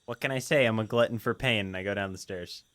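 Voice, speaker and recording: A man playing a tabletop role-playing game, relaxed and joking as he describes what his character does. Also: fairly low pitch, fast talker, dry recording. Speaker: player. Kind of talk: casual tabletop game play.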